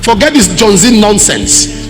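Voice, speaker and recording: A man with a Nigerian accent preaching a sermon emphatically, with repeated rhetorical questions and bursts of shouting. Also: high-pitched, wildly swooping pitch, a little slow. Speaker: pastor. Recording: reverberant hall with loud music behind.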